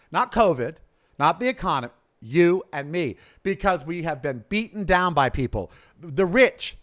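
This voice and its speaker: Fiery high-voiced male podcast host. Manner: fiery, blunt, ranting with big swings in loudness. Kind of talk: impassioned podcast monologue.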